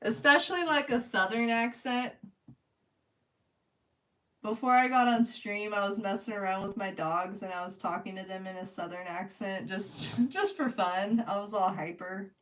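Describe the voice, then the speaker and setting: A young Californian woman with a matching accent streams herself painting, chatting casually with her live audience, talking to chat and laughing often. Her mid-range voice moves at a moderate pace with a fairly bright tone, picked up by a distant mic in a rough recording.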